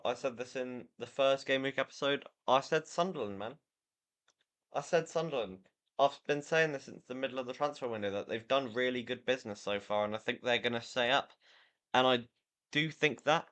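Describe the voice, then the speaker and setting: Man, podcast host, casual football chat, tired, rambling, opinionated, mid-pitched. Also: a bit bright. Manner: rambling, opinionated, frequent fillers and restarts. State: tired, yawning.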